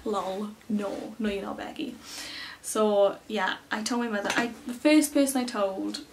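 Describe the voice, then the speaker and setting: A woman's voice: mid-range voice, measured pace, a little hiss or hum. Chatty young Englishwoman, slightly distant mic. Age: early 20s. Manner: rambling, many fillers, excitable retelling. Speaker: beauty vlogger. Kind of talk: casual chatty storytelling to camera.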